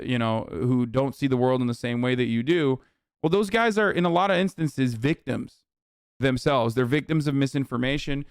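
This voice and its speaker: Reacting to his chat, a man running a live stream launches into a heated, sarcastic, profanity-laced rant. He has a resonant, smooth voice at mid pitch, and the sound is dry and close without room echo.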